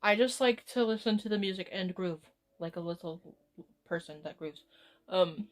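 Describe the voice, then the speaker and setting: A woman's voice: medium pitch, normal speed. A woman live streamer rambling in casual chat as she talks to her viewers. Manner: rambling, chatting with chat, drifting off-topic.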